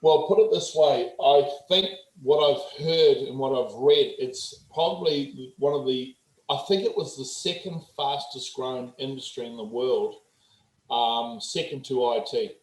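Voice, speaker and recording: A man's voice: medium pitch, unhurried. A New Zealand man in his forties, a performance coach telling stories bluntly and with plenty of swearing in a casual interview. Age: 40s. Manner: blunt, profane, animated storyteller. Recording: roomy echo.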